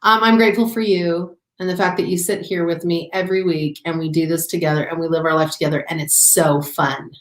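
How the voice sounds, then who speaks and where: A woman's voice: on the low side, flat delivery, brisk, few pauses. A woman co-hosting a live mindset show, coaching listeners in a direct, encouraging way. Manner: direct and encouraging, guiding listeners through an exercise. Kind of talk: motivational coaching talk. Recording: echoey room.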